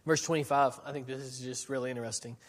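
A man's voice: mid-range voice, steady tone, fast talker, in a large hall. A man preaching a sermon in a church, talking in a conversational way with frequent restarts and rhetorical questions. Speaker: pastor.

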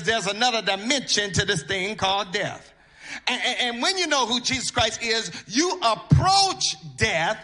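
A man preaching a sermon, half-chanting his lines, repeating words for emphasis and building up to shouts. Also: high-pitched. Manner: intoning and chanting, rising to shouts.

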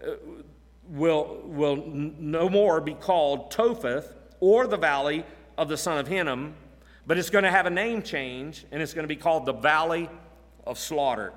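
A man's voice: a little high, moderate pace, big-room sound. A man preaching an expository sermon, earnest and emphatic, often repeating key phrases. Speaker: pastor.

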